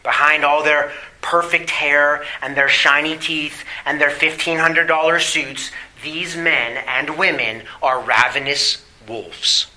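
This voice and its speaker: A man preaching a sermon in a bright, sharp, somewhat high voice. He presses his points with rhetorical questions and reads scripture with emphasis, then drops into quieter asides. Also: steady tone, slow, few pauses, rough recording. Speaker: pastor.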